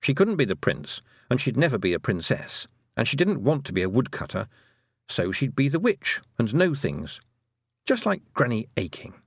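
A man narrating a children's fantasy audiobook in an expressive storytelling manner. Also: mid-range voice, normal speed, breathy edge, no room sound, studio quality. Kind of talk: scripted narration.

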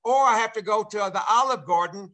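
A man's voice: sits high, fairly quick. Rambling older man hosting a call. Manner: rambling, excitable, many uh fillers. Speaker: show host, former ballplayer. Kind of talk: casual chat. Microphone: video call.

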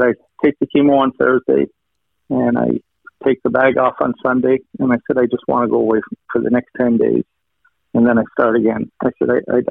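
Gravelly man telling his story over a phone line. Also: mid-range voice, no room sound. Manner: retells conversations, stacking quoted "he said" lines; earnest, frequently thanks God. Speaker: guest sharing a personal testimony. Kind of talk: personal storytelling. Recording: thin phone-like line, dry.

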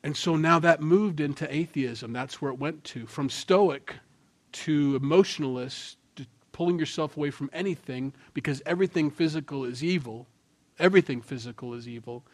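A man preaching a sermon in a conversational tone, swinging between loud emphasis and quiet asides. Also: mid-range voice, normal speed. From Norwegian heritage. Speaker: pastor.

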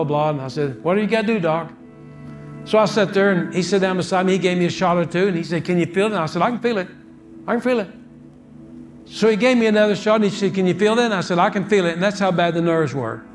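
A high-voiced pastor preaches a sermon, telling folksy stories and doubling back on his words as he goes, with soft music faintly in the background.

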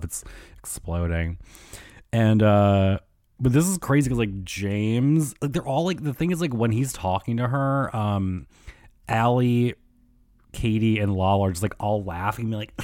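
A man hosting a solo podcast, chatting in a gossipy, profane way full of "like" and quick mimicry of the people he talks about. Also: lowish voice, a little mellow, no room sound, clean studio sound. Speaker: podcast host. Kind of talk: casual solo podcast recap.

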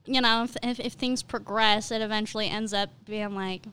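A young woman co-hosts a podcast, chatting candidly and giggling as she acts out inner voices. Her voice is mid-range, pushed and bright with a clean tone, with fairly even intonation and a moderate pace.

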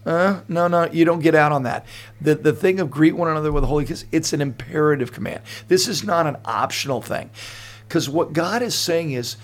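In a slightly high voice at a moderate pace, an older man who is both pastor and podcast host talks casually. He's an earnest, animated storyteller given to frequent restarts.

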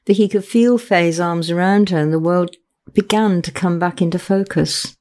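A woman narrating her own novel in a measured, unhurried reading. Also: fairly low pitch, a little mellow. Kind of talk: audiobook narration.

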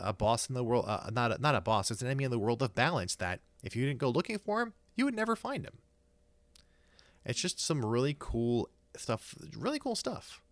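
Low, dry-voiced man chatting enthusiastically. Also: fairly bright tone, no room sound. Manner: rambling, enthusiastic, many fillers and restarts. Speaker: podcast co-host. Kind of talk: casual podcast chat.

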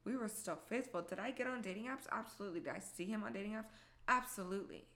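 A woman's voice: mid-range voice, quick pace, fairly bright tone. A young woman telling a personal story in a candid, profane, self-mocking way. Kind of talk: casual storytime monologue.

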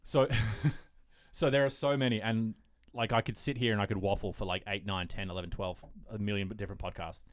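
A man hosting a podcast in casual chat, excitable and rambling, restarting his sentences often. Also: fairly low pitch, brisk, dry recording. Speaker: podcast host.

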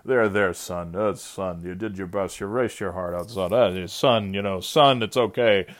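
Condescending wealthy dad figure, hushed and low, put on by a man telling a story. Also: measured pace. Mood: patronizing. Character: rich country-club dad, soothing and condescending.

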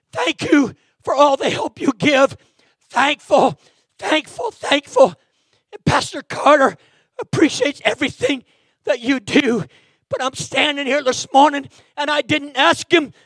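A man preaching an impassioned sermon in a church, breaking into shouts and dropping "amen" between lines. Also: extremely high pitch, dry recording, clean studio sound. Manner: fervent, bursts into shouting, peppers lines with "amen". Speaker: guest preacher. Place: church sanctuary.

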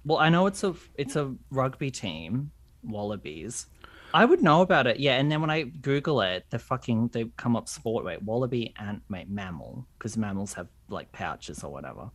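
A young man talks as a podcast guest in an excitable, sweary way. His pitch leaps around animatedly, and he often breaks into laughter. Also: moderate pace, no echo. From Australia. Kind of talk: casual chat.

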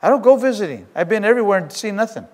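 Male pastor, high-pitched, animated storyteller; long church reverb. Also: racing. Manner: storytelling, animated, swings between loud and hushed. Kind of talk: sermon. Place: church sanctuary. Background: congregation shouting.

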